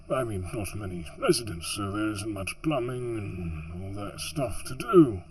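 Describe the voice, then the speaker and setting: An audiobook narrator with a lowish, sing-song voice reads a fantasy book at a moderate pace with hardly any pauses, over poor audio with slight background noise. These are outtakes: he keeps stumbling, restarting lines, and joking to himself in rambling asides between passages.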